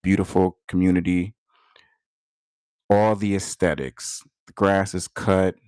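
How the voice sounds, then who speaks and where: A young man from Detroit delivering an earnest commentary monologue in a slow, measured way with pauses. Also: low voice, level tone, darkish tone, clear, resonant tone, no echo, clean studio sound. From Detroit, USA. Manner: earnest, emphatic, rising sharply when upset. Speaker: channel host.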